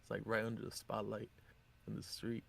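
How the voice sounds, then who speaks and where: A man's voice: lowish voice, monotone, fairly quick, gravelly, a bit bright, breathy edge. A man streaming live, telling a rambling story full of swearing and acting out what people said. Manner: profane, rambling, acts out quotes.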